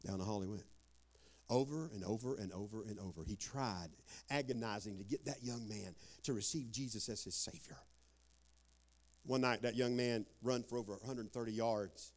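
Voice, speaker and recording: Dramatic storytelling preacher. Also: male voice, lowish voice, moderate pace. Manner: dramatic, swinging from hushed to loud. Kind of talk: sermon with storytelling.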